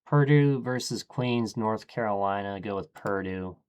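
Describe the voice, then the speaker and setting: A man streaming, thinking aloud in a casual, low-key way as he murmurs his choices one after another. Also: unhurried, a little mellow, smooth.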